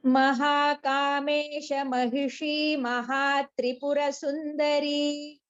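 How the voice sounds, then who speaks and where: A woman's voice: sits high, lo-fi sound, soft background music. A woman student repeating a chant in an online class. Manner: quick, even, monotone chanting. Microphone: video call.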